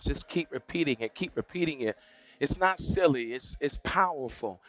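A man's voice: fairly high pitch, lively intonation, normal speed, fairly bright tone, soft background music. A man preaching and praying aloud, repeating phrases and urging his congregation to speak along. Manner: repetitive, exhorting, call-and-response. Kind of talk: sermon with prayer.

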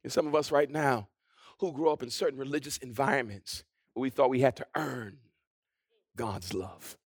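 A man preaching a sermon, building to shouted, rhythmic repetition and then dropping to hushed, drawn-out phrases. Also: mid-range voice, slightly rough, dry recording, studio quality.

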